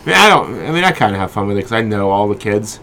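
A man with a fairly low voice chats on a casual podcast. His remarks are dry and teasing, and they come in short bursts between the others. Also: very animated, quick pace, gravelly, sharp tone, a little hiss or hum. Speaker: podcast co-host. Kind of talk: casual chat.

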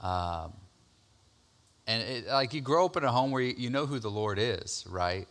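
A man in his thirties, a pastor, giving a conversational personal testimony sermon, full of fillers and repeated words, getting loud and excited as he retells his story. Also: mid-range voice, normal speed.

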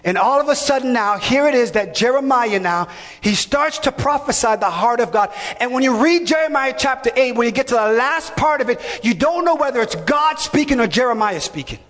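A man preaches a sermon in a church, his voice sitting very high. He preaches emphatically, often shouting and calling on the congregation to answer. The sound rings with the long reverb of a big hall. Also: lively intonation, fairly quick. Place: church sanctuary.

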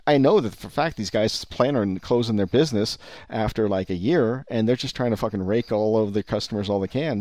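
A man's voice: fairly low pitch, brisk, darkish tone, no echo, clean studio sound. A man giving ranting commentary on the vape business, rambling and profane with many restarts.

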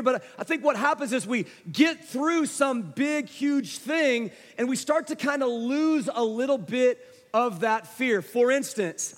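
A man's voice: very high-pitched, fairly bright tone. A man preaching a sermon to a congregation, telling a story in a conversational way and speaking straight to the listeners. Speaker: pastor. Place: church sanctuary. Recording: long hall reverb.

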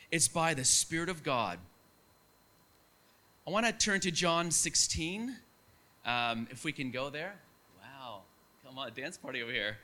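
A young man preaching a sermon, telling stories in an animated, conversational way. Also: fairly high pitch.

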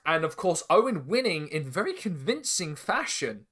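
A male podcast host talks through a story in a casual, animated recap. His voice is bright and forceful and pitched a bit high. He swears freely and breaks into quick laughs.

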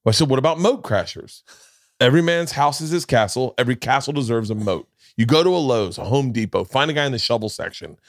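Talking fast, this man hosts a podcast and trades stories in easygoing conversation, voicing quoted lines with dramatic jumps in pitch. The sound is clean studio audio with no room sound.

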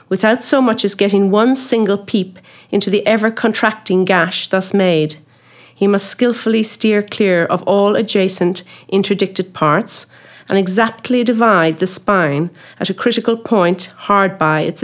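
A woman narrating a classic novel as an audiobook. Her reading is measured and expressive, voiced at a middling pitch. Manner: measured, expressive reading of ornate old prose. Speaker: audiobook reader.

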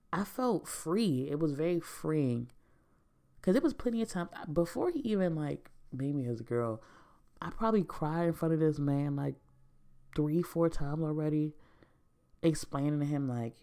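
Low, gravelly young woman rambling candidly. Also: mellow. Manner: candid, slangy, swears freely. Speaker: vlogger. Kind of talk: casual rambling monologue.

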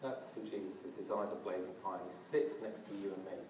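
Earnest preacher in a roomy hall. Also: male voice, sits low, steady tone, a little fast, darkish tone, a little hiss or hum. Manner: earnest, with frequent restarts and fillers. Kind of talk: sermon. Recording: roomy, from a distance.

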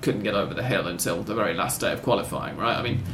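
A man's voice: on the low side, expressive, quick pace, roomy sound, noisy background. A man hosting a casual football podcast, talking in long rambling sentences with wry self-corrections. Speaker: podcast host.

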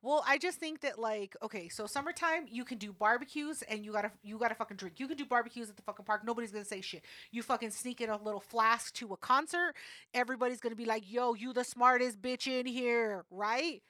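A young woman talks on a podcast, loud and brash, and she swears a lot. Her voice is high and bright. It's a close, dry recording. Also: fast talker, no echo. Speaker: podcast co-host. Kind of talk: casual chat.

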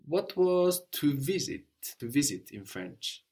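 A male teacher giving a spoken language lesson. He explains pronunciation patiently and steadily, pausing to quiz his student with short questions. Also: medium pitch, big pitch swings, darkish tone.

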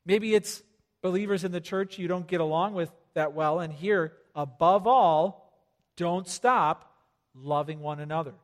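Male pastor, high-pitched, chatty and humorous, booming on key points, hall echo. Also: moderate pace. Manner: conversational, joking, rising to loud emphasis. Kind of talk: sermon. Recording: long hall reverb.

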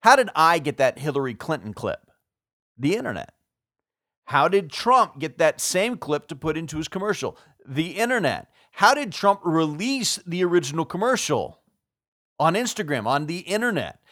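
A man talks through his podcast commentary in a measured, explanatory way, posing rhetorical questions and answering them himself. His voice sits a little high for a man. The recording is close and dry, with no room sound. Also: very animated, fairly bright tone, dry recording. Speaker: podcast host and PR consultant.

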